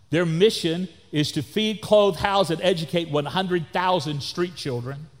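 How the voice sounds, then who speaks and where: Animated male preacher in a hall. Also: on the high side. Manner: animated, preacherly, acts out quotes. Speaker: pastor. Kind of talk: sermon.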